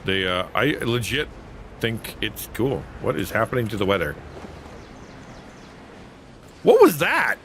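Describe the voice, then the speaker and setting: A man streams gameplay as host, his fairly low voice swooping wildly in pitch while he speaks unhurriedly with long pauses. Game music and background noise accompany his casual commentary as he jokes with chat and makes fun of himself.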